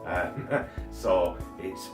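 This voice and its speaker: A man's voice: deep voice, extremely slow, recorded from a distance, over music. Rambling man in a roomy kitchen. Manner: rambling, chatty, many ums and uhs. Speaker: cooking channel co-host. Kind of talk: casual cooking demo chat.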